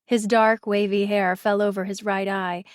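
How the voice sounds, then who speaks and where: A woman narrating a first-person audiobook, measured and expressive, in a mid-range voice. The sound is dry and close, with no room around it. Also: mid-range voice, smooth, dry recording.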